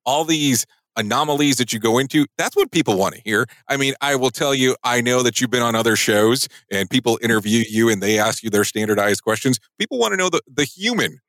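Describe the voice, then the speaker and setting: Lively-voiced male interview host. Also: medium pitch, fairly quick, few pauses, no room sound. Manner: reassuring, emphatic, repeats himself.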